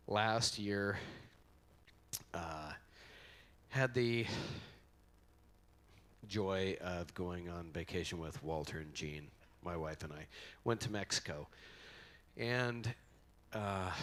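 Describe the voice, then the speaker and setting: A man's voice: low-pitched, a bit bright. A middle-aged man giving an informal eulogy in a convention hall on a handheld mic, rambling and joking as he tells stories. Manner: rambling, joking storytelling with acted quotes. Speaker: eulogy speaker. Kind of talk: informal memorial speech.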